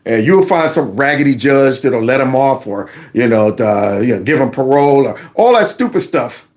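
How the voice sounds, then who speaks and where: A man hosting an opinionated commentary vlog, talking in an emphatic, colloquial and indignant way with big swings in pitch. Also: animated, moderate pace, darkish tone. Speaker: political commentary host.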